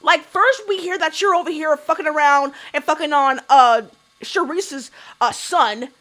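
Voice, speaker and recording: A woman's voice: sits high, unhurried, bright, forceful tone. A woman hosting a casual TV recap vlog, blunt, sassy and profane, with mocking put-on voices. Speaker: YouTube recap host.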